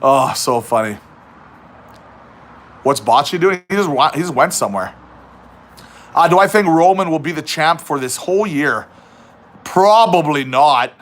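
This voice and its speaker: Bright-voiced man hosting a chatty livestream. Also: a little high, lively intonation, moderate pace. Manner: chatty, teasing, reads viewer questions aloud. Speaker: livestream host. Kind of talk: casual livestream chat.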